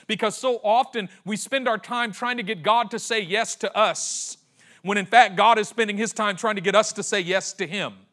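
A man in his forties preaching a sermon as pastor, impassioned and repetitive, swinging between hushed and loud. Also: sits high, moderate pace. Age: 40s. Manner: repeats phrases for emphasis.

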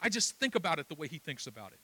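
A man's voice: on the high side, big pitch swings, racing, pushed and bright, husky. A middle-aged man preaching a sermon with passion, telling stories and acting out dialogue. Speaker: pastor.

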